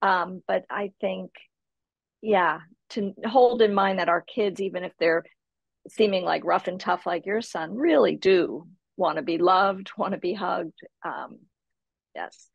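A woman psychotherapist, a guest on a podcast, calmly explaining parenting in a reflective way. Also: on the low side, a little slow, vocal fry, breathy edge, no echo, muffled recording. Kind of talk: casual podcast interview.

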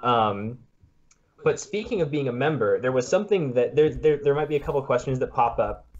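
A man's voice: mid-range voice, animated, fairly quick, muffled recording. A man interviewing a guest for a student project, asking questions hesitantly with many filler words.

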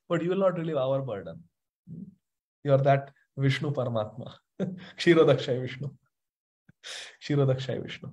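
A man giving a devotional scripture class, chanting verses and explaining them with lively emphasis. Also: medium pitch, moderate pace, pauses often. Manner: animated, chants verses and mixes in Hindi phrases. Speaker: spiritual teacher.

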